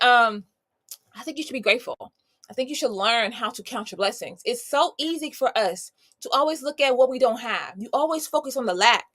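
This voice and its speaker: A woman's voice: sits high, bright, forceful tone. A woman in her thirties giving an exuberant, preachy motivational live talk, greeting viewers by name. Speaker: host.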